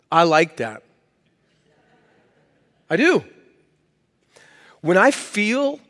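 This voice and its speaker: A man's voice: high-pitched, a bit bright, in a large hall. A man preaching a sermon as pastor, in a conversational, emphatic way. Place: church hall.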